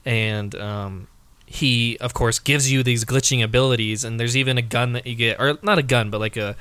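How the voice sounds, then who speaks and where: A man talks through a video game in a relaxed podcast chat, his voice at a middling pitch. He hesitates a lot, pausing on fillers and restarting his thoughts. The sound is dry and close, with no room around it. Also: clean tone, dry recording. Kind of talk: casual video game discussion.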